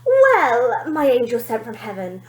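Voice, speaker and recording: A woman's voice: a little high, huge pitch swings, measured pace, reverberant. A woman doing a fretful pleading mother. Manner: coaxing, pleading.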